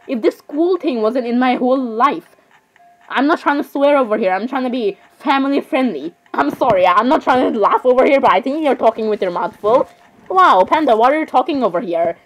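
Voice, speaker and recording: A woman's voice: fairly high pitch, rough recording. A teenage girl chatting casually on her vlog, rambling and dramatic, full of restarts and repeated apologies. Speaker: vlogger.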